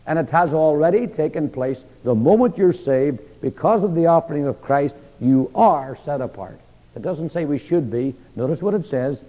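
A man preaches a sermon in a slightly high voice, throwing questions at his listeners and repeating key words for emphasis. The recording is dull and muffled, with a long reverb from a large hall. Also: expressive, normal speed, darkish tone. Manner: call-and-response questions, emphatic repetition.

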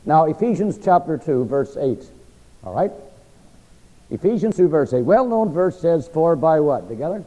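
In a lo-fi recording full of long hall reverb, a middle-aged man teaches a Bible class sermon-style, his throat a bit froggy. His fairly high, warm voice swings widely in pitch, and he pauses so the congregation can fill in the ends of his sentences.

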